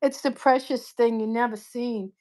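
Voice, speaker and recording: A woman's voice: a little high, fairly even intonation, moderate pace, warm tone. A middle-aged woman hosting a casual livestream chat, bubbly and teasing, laughing often. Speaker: host.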